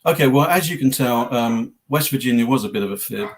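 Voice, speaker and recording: A man's voice: mid-range voice, lively intonation, brisk. A man with an English accent, a guest on a talk show, telling his story casually with a joking, self-deprecating manner. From England.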